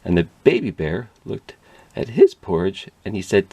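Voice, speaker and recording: A man's voice: low voice, sing-song, normal speed, mellow, husky, no echo, dull audio. A man telling a children's story at a library in a playful read-aloud manner with sound effects.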